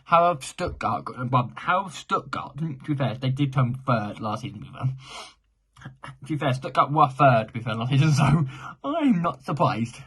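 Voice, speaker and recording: A man's voice: mid-range voice, sing-song, normal speed, a bit bright, breathy edge. A man giving casual, unscripted football predictions, rambling, correcting himself and repeating phrases as he goes. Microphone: mic for home recording.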